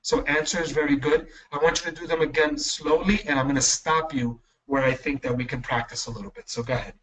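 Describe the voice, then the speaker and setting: A male English teacher running an online class, patient and encouraging, correcting pronunciation slowly. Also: a little high, fairly even intonation, a bit bright, distant mic, poor audio.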